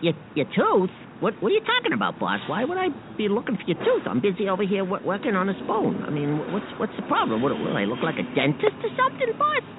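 A man's voice: high voice, wildly swooping pitch, fast, few pauses, noisy background, voice pushed up. A man doing a stammering wisecracking garage helper. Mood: cheeky. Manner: stammering, rambling, cheeky. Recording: tinny lo-fi radio recording.

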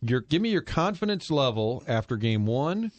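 A man's voice: medium pitch, sing-song, normal speed, no room sound. A male sports radio host who chats casually and jokes with his co-hosts. He reads sponsor plugs in an upbeat way. His voice sits in the middle of the male range and sounds dry and close in the studio.

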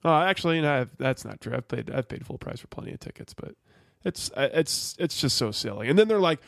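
A man's voice: medium pitch, animated, a little fast, vocal fry, no room sound, studio quality. A man co-hosting a casual podcast, rambling and cursing, with lots of restarts and fillers. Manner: rambling and profane, full of restarts and "like". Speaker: podcast co-host. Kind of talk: casual chat.

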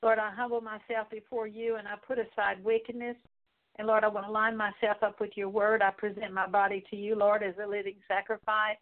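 A woman prays aloud in a long confession, her voice held in a narrow, even band of pitch. She pleads in halting, repeated phrases broken by pauses. The sound is thin and phone-like. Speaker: prayer leader. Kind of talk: spoken prayer of confession.

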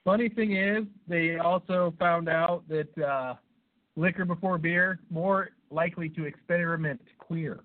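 Sounding congested from a cold, a podcast co-host with a slightly high voice talks at a measured pace. His crude, rambling banter is punctuated by laughter at his own jokes, all captured in a tinny, phone-like recording.

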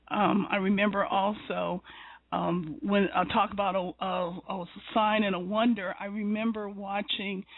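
A woman host talking earnestly, often restarting her sentences and dipping into soft whispered asides. Her voice comes over a tinny, phone-like line with a dry, close sound. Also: medium pitch, husky, no echo. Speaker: interviewer and show host. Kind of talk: conversational faith interview.

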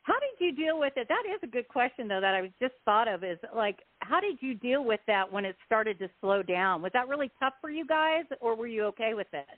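A woman's voice: a little high, lively intonation, brisk, few pauses, dry recording. Upbeat woman radio host on a phone line. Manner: enthusiastic, laughing. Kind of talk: casual radio interview.

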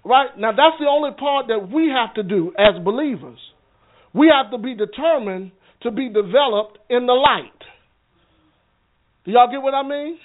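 A man leading a church teaching session in a conversational way, often checking in with his listeners and repeating words as he goes. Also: very high-pitched. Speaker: minister teaching a Bible class. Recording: phone-like narrow sound.

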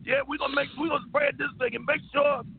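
A man playing a rowdy, boozy old uncle on a radio talk show, gravelly and stammering, shouting out bawdy jokes. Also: very high voice, flat delivery, fast talker, a little hiss or hum. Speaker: regular comic character. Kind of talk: comic radio call-in bit. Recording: tinny phone-line radio audio.

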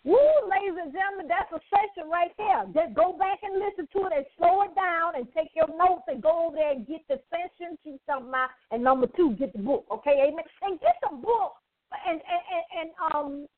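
A woman's voice: extremely high pitch, fairly quick, hardly any pauses. A woman hosting a Christian radio talk show, exuberant and preachy, laughing often and calling out "amen". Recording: tinny phone-like line.

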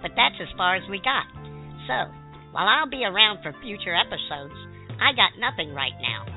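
A man playing a deadpan newcomer persona on an internet radio show, delivering a scripted comic monologue in a dry, matter-of-fact way. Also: high-pitched, moderate pace. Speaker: comic segment character. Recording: tinny phone-line sound with faint music.

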